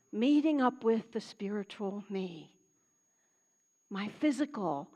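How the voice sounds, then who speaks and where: Woman minister from Pennsylvania, high voice, animated sermon with hushed passages, reverberant hall. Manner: animated, laughing, drops to hushed tones. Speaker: guest minister. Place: church sanctuary.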